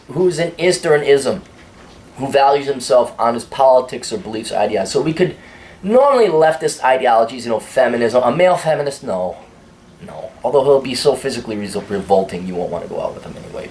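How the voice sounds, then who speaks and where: A man's voice: medium pitch, a little mellow. A man hosting a casual opinion monologue in a blunt, crude and sardonic way. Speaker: host.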